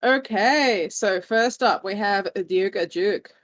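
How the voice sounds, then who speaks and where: A woman, game master of a tabletop game, brisk and chatty in her narration. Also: medium pitch, no room sound.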